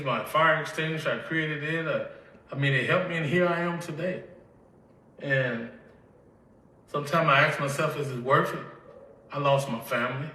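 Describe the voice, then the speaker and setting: A man's voice: medium pitch, sharp tone. A tearful older man with a Southern accent from Mississippi, telling his life story with emotion and acting out the conversations he recalls. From Mississippi, USA. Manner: emotional, tells events by acting out dialogue. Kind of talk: emotional personal testimony. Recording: echoey room, from a distance.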